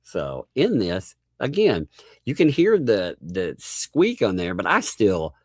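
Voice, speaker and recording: A man's voice: low-pitched, slow pace, breathy edge, dry recording, clean studio sound. A man with a Southern accent hosting a casual live stream, talking animatedly and laughing as he goes. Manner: animated, laughing, mocking voices in asides. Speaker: host.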